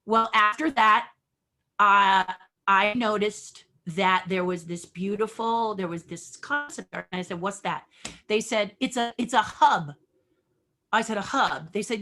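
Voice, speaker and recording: Woman, middle-aged, podcast guest, animated storyteller, acts out dialogue. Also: medium pitch. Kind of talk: storytelling interview.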